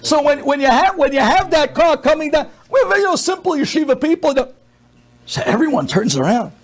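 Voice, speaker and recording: A man's voice: extremely high pitch, brisk. A middle-aged man from the United States, a rabbi telling a story in a sermon and acting out the people in it. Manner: animated storyteller, acts out the people in his story.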